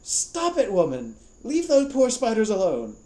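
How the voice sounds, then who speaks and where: A man's voice: medium pitch, expressive, measured pace, warm tone, echoey room, close to an everyday voice. A man voicing a vain, theatrical young male wizard in a storybook reading, haughty and indignant.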